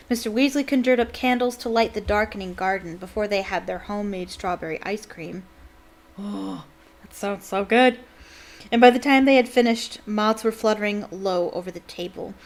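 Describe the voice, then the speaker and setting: A woman reading a novel aloud on a livestream, with chatty, self-correcting asides to viewers. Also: medium pitch. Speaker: livestream book reader. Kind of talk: reading aloud with casual chat.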